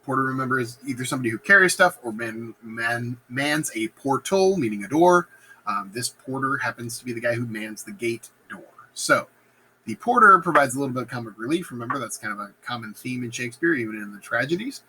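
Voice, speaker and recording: A man explains a play to his class in a loose, slangy way, jumping into voices for the characters. His voice is bright and very lively. Faint ambience sits behind him. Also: mid-range voice, fairly quick, slight background noise, low-quality recording. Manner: animated, slangy, acts out quotes in funny voices. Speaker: teacher. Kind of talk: casual lesson retelling a play.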